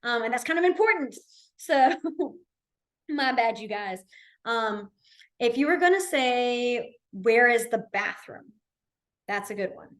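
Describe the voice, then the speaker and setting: A woman's voice: a little high, lively intonation, a little slow. A woman teaching a beginner sign language class in a library, chatty and informal, with lots of fillers and self-corrections. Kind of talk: casual class instruction.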